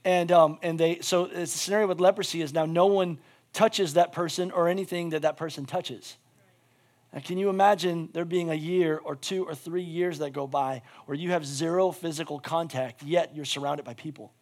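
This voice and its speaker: A male pastor delivers a sermon in a high, bright-toned voice. He talks casually with lots of "like" fillers, jumping between loud, excited bursts and quiet, intimate asides. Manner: animated, quick shifts between loud bursts and hushed asides.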